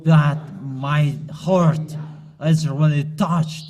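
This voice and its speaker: A man delivers a sermon in a high voice at an unhurried pace. He speaks haltingly, pausing and restarting often as he admonishes his listeners directly. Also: steady tone, a little mellow. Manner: halting, with frequent pauses and restarts. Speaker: preacher.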